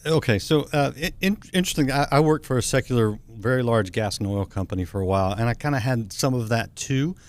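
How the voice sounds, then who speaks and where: A man's voice: mid-range voice, quick pace, few pauses. A man hosting a TV interview, answering the guest with short affirmations and laughs. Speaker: talk show host. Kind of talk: interview listening and replies.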